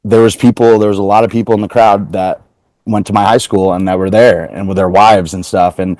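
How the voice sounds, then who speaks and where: Male comedian guest from Portland, lowish voice, dry close sound, rambling storyteller acting out quotes. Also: steady tone, a little fast, darkish tone, dry recording. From Portland, Oregon. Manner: chatty, heavy use of "like", retells exchanges in quoted voices. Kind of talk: casual interview storytelling.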